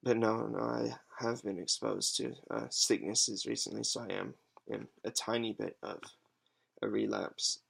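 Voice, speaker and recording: Gravelly, hesitant young man. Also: fairly low pitch, a bit bright. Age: 20s. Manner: halting, hesitant, many pauses and fillers. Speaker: patient advocate vlogger. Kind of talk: casual unscripted monologue. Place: alone at home.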